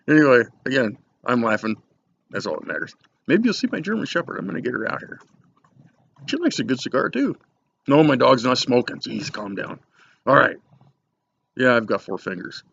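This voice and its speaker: Gravelly-voiced man rambling about a cigar. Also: medium pitch, expressive, moderate pace, long pauses, fairly bright tone. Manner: rambling, jokey, self-deprecating. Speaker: cigar reviewer. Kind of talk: casual chat to camera. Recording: dull lo-fi home recording with faint noise.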